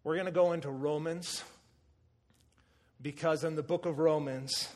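A man preaching a sermon, telling stories with animation and acting out quotes with sudden shouts. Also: fairly high pitch, measured pace. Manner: animated storytelling, acts out quotes with loud shouts.

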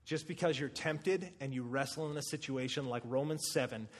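A man preaching a sermon, telling stories with animation and acting out quotes with sudden shouts. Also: medium pitch, normal speed. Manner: animated storytelling, acts out quotes with loud shouts.

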